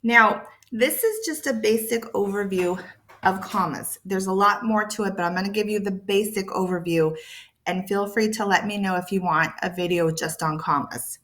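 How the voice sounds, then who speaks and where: A woman's voice: medium pitch, normal speed, fairly bright tone. A woman teaching English to learners, explaining patiently with playful emphasis and sound words. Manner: patient, repeats key points. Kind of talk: explaining lesson to camera.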